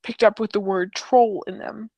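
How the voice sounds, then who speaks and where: A woman's voice: medium pitch, steady tone, moderate pace, no room sound, dull audio. A woman narrating chat logs as comedy, dropping sardonic asides.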